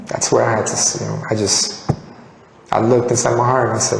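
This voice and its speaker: A man from Colombia tells his life story in an earnest, animated way and voices the people he quotes. His speaking pitch sits in the middle range. He is recorded in a reverberant room with a long, echoing tail. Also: a little fast, vocal fry, a little hiss or hum. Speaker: convert telling his story. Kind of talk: personal testimony.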